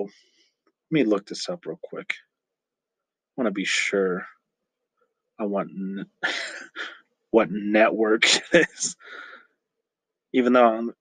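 A man's voice: medium pitch, sharp tone, no room sound, rough recording. A man hosting a casual solo podcast on a phone mic, rambling, swearing freely and laughing often. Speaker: podcast host. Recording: dry phone recording.

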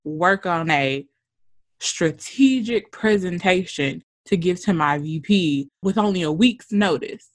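A woman co-hosting a casual chat, telling a work story with animated delivery, swearing and acting out quotes. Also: fairly low pitch, takes it slowly.

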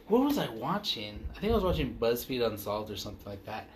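A man's voice: medium pitch, big pitch swings, fairly quick, few pauses, a little mellow, slight background noise. A man co-hosting a casual podcast, ranting heatedly and swearing often. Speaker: podcast co-host.

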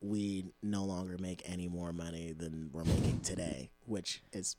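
A man's voice: deep voice, level tone, moderate pace, warm tone, faint music behind. A man as a guest in a casual chat, hesitant with frequent ums and easy laughter.

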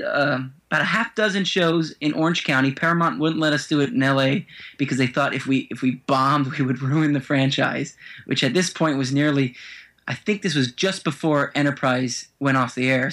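Male actor guest, casual and talkative, quick to laugh. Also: mid-range voice, fairly even intonation, fairly bright tone. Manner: chatty storyteller who laughs easily. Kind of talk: casual podcast interview.

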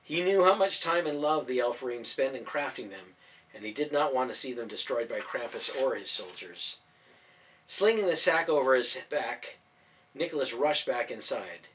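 A man's voice: medium pitch, normal speed. Man narrating a storybook from off-mic. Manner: expressive storytelling. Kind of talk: audiobook narration. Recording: voice from a distance off mic.

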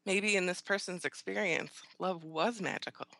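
A woman's voice: fairly low pitch, moderate pace, creaky, a bit bright, dry recording. Woman playing a timid young woman, hesitant, storybook reading, dry close sound.

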